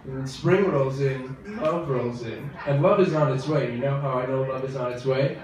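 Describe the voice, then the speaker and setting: A young man doing a stand-up comedy set in a comedy club, wry and self-deprecating, bursting into loud outbursts. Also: mid-range voice, moderate pace. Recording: echoey club from far off, crowd noise.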